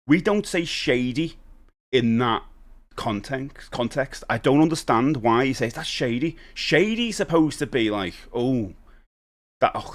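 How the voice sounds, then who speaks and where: A middle-aged man from Liverpool with a Scouse accent, chatting in a rambling way while live-streaming a retro game and giving upbeat shout-outs to viewers. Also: mid-range voice. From Liverpool, England. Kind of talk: casual live-stream chat.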